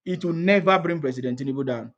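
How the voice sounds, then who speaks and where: Man, Nigerian accent, high-pitched, casual political talk, repetitive, rhetorical. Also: fast talker, highs cut off. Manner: laughs often, repeats himself, rhetorical questions.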